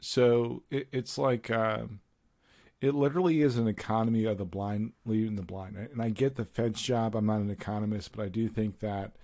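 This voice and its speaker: Low-voiced man musing on the economy. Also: gravelly, a little mellow. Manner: opinionated, thinks aloud with many fillers. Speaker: podcast co-host. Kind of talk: casual chat.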